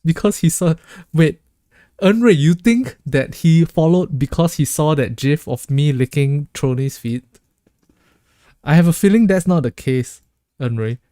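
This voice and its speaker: Guy streamer chatting w his chat, jokey, mellow voice, dry close mic. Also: fairly high pitch, expressive, unhurried, no echo. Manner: joking, laughs often, reads chat aloud. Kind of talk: casual live-stream chat.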